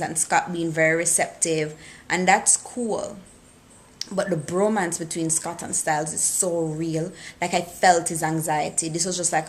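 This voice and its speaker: A woman talking casually and excitedly into her camera, recapping a TV episode and acting out the characters' lines. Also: lowish voice, a little hiss or hum. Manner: excitable, animated retelling with quoted lines.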